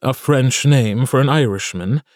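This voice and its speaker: A man's voice: medium pitch, measured pace, darkish tone, no room sound, natural voice. Male reader as a wary, formal young noble in an audiobook scene, dry studio sound. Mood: guarded. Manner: formal, guarded speech.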